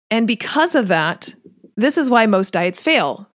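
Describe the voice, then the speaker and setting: Very animated but a little slow, this woman's mid-range, slightly bright voice leads a casual solo podcast on diet and nutrition. She chats conversationally, laughs lightly, and often voices her listeners' thoughts in quotes, recorded dry at studio quality.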